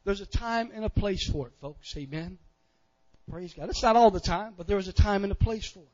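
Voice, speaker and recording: A man preaching a sermon as pastor, folksy and repeating amen, swelling louder on key phrases. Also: high-pitched, fairly quick. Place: church sanctuary. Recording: dull church recording with long reverb.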